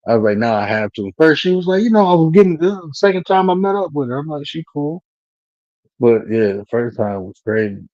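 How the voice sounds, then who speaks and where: A man's voice: a little high, sing-song, brisk, darkish tone, no echo, dull audio. A man telling a profane, slang-heavy story in casual talk on a live panel stream.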